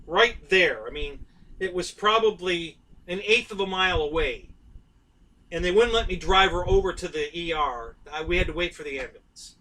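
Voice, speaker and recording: A man's voice: a little high, bright, forceful tone, recorded from a distance, poor audio. A middle-aged man, hosting a casual live stream and rambling to his viewers by name.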